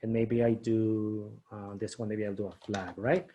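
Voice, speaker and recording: A man's voice: fairly low pitch, little pitch movement, measured pace, dark tone, slight background noise. A man leading a teacher training session, walking through quiz setup on screen and checking in often with "okay?" and "right?". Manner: chatty, frequent "okay?" and "right?" check-ins, thinks aloud. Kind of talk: screen-share training demo.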